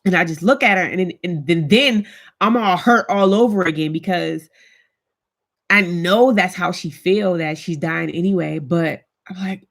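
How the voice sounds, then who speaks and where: A woman's voice: fairly low pitch, moderate pace, gravelly, fairly bright tone. Chatty heartfelt woman vlogger. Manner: chatty and heartfelt, talks straight to viewers; African American Vernacular English speech. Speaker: vlogger hosting a live chat. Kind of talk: casual live-stream chat reading comments.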